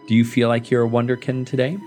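A man hosting a podcast in casual chat, playful and quick to laugh. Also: medium pitch, completely flat delivery, a little mellow, faint music behind. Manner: playful, laughs often, trails off mid-thought. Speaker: podcast host.

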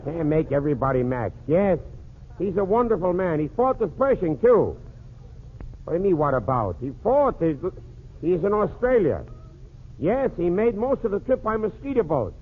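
High-voiced man doing a radio phone gag. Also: big pitch swings, normal speed, breathy edge. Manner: wisecracking one-sided phone gag. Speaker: radio show host. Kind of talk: 1940s radio comedy monologue. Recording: tinny old radio broadcast with faint hiss.

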